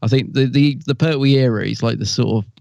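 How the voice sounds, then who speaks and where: A man's voice: medium pitch, a little fast, gravelly, a little mellow, no room sound, highs cut off. A man co-hosting a podcast, chatting with enthusiasm and frequent chuckles. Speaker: podcast co-host. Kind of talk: casual chat.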